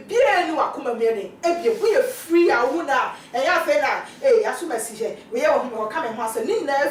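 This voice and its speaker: A woman's voice: sits high, recorded from a distance, a little hiss or hum. A woman talking casually in a rambling way, repeating words and laughing now and then. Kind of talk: casual conversation. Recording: very echoey room, voice from off-mic.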